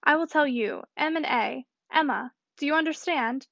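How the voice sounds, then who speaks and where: A hearty, jovial older gentleman, voiced by a woman reading aloud. The voice is pitched high. The recording is dull and dry. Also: moderate pace, gravelly, no echo.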